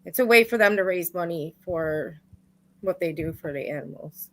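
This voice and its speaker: A woman from the Chicago area with a lowish voice, talking eagerly on a livestream. Her voice sounds dry and close. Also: normal speed, a bit bright, no room sound, poor audio. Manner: enthusiastic, recommending. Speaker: livestream co-host. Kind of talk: casual livestream chat.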